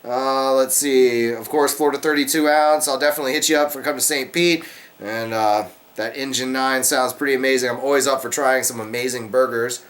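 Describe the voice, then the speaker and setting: A man's voice: medium pitch, a little fast. Rambling, easygoing man chatting to camera. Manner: rambling, relaxed, many fillers and restarts. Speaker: beer review vlogger, channel host. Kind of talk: casual chat to camera.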